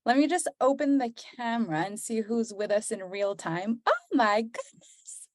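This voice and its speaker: Bubbly, higher-voiced woman coach. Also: moderate pace, no room sound, clean studio sound. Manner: effusive and enthusiastic, warm greetings. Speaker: sales coach hosting a live members' training. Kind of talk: live online training, greeting attendees.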